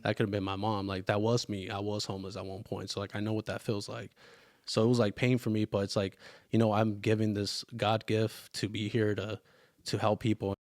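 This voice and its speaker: Earnest low-voiced young man, flat delivery. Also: no echo. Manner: earnest, halting, emotional storytelling. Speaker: podcast host. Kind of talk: casual chat.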